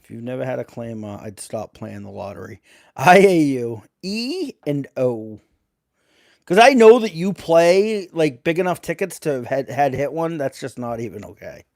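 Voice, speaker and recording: A man's voice: medium pitch, big pitch swings, normal speed, gravelly, darkish tone, no echo, studio quality. A man hosting a casual live stream, reading letters aloud and greeting chat viewers.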